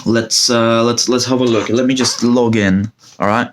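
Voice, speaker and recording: A man's voice: mid-range voice, steady tone, normal speed. Rambling man in casual commentary. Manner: rambling, many fillers and restarts. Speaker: vlogger. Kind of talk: casual commentary with screen sharing.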